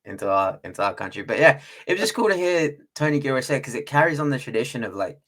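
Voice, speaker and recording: A man's voice: medium pitch, lively intonation, quick pace, a bit bright. A man with a British accent, co-hosting a podcast in casual chat, rambling with lots of fillers and the odd swear. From Britain. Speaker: podcast co-host.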